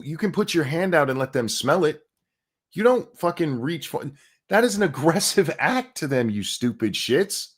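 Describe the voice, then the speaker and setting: A male podcast host talks in loose, exasperated rants peppered with swearing. His pitch swings widely as he tells stories and gets worked up. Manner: profane, exasperated storytelling. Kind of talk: casual ranting commentary.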